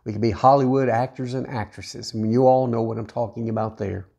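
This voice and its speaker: A man's voice: medium pitch, steady tone, brisk, gravelly, mellow, breathy edge. A middle-aged widowed man telling a personal story in an earnest way, often repeating himself and restarting his sentences. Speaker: widowed vlogger.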